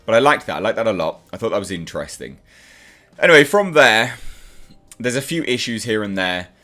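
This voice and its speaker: A man's voice: lowish voice, big pitch swings, brisk, pushed and bright, faint music behind. A man hosting his own channel, giving a casual and enthusiastic spoken review of a TV episode. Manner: enthusiastic, chatty, acts out characters' lines.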